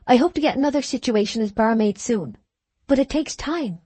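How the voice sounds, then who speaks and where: A woman's voice: a little high, fairly quick, dark tone, husky, dry recording, voice pushed up. Woman voicing a humble pleading barmaid. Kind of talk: audiobook character reading.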